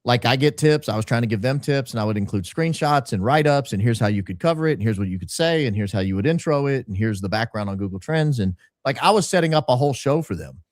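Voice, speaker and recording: A man telling his story as a podcast guest, talkative and emphatic, with brisk asides. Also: mid-range voice, lively intonation, no room sound, studio quality. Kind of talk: casual interview storytelling.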